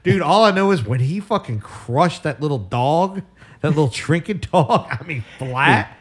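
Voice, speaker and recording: A man's voice: a little high, moderate pace. A man chatting casually on a podcast, laughing and swearing. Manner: animated, profane. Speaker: podcast co-host. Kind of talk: casual chat.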